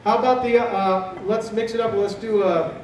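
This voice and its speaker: With a steady tone and normal speed, a man in his fifties talks through a live drum clinic, asking the crowd questions and supplying his own answers. The mic catches his fairly high male voice from a distance in a big convention hall, with strong echo and audible background noise.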